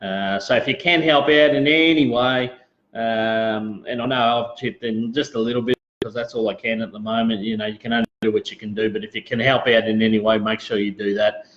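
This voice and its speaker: A man's voice: fairly low pitch, fairly even intonation, a little fast, a bit bright. A man with an Australian accent hosting a casual live show, rambling in a laid-back way and greeting viewers as he talks. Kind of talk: casual live-stream chat. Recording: roomy, dull lo-fi live stream audio.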